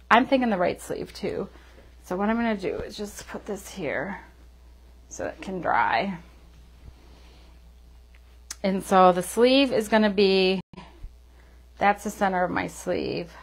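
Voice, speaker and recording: A woman's voice: fairly low pitch, expressive, slow pace, pauses often. A woman hosting a casual live-stream craft demo, chatting to viewers with lots of fillers. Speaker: craft tutorial host.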